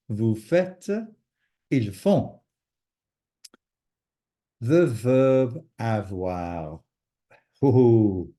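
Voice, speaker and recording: Slow, mellow-voiced male French teacher. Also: medium pitch. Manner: patient, explains slowly with repeated conjugations. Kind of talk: recorded language lesson.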